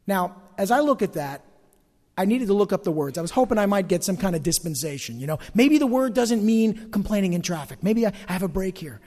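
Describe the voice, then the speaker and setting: A middle-aged man preaches from the pulpit in a high, bright voice that swoops widely between lines. He jokes at his own expense and acts out everyday gripes with animated flair. His words ring out with a long reverb through a large church sanctuary. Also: a little fast. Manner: animated, humorous, self-mocking, acting out complaints. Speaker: pastor. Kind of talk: sermon.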